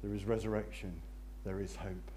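A man preaching a sermon, swinging between loud excitement and hushed intensity. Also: fairly low pitch, normal speed, a little hiss or hum.

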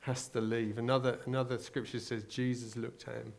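A man's voice: medium pitch, flat delivery, a little fast, creaky, a little hiss or hum. A man with an English accent preaching a sermon in a conversational, searching way, retelling a story and asking the listeners rhetorical questions. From England.

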